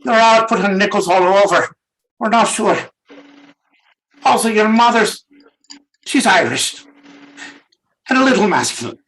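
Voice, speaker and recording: A man voicing a worried Scottish mother, loud and theatrical. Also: high voice, lively intonation, unhurried, pauses often, voice pushed up, exaggerated voice, low-quality recording. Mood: fretting. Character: fretting Scottish mother of a mischievous boy.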